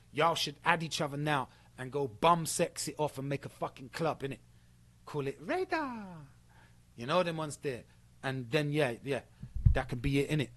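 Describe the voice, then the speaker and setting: Young guy going off on someone, sweary and blunt, kinda high voice. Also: pushed and bright. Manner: confrontational, sweary, repetitive. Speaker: streamer addressing a former friend. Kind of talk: ranting monologue.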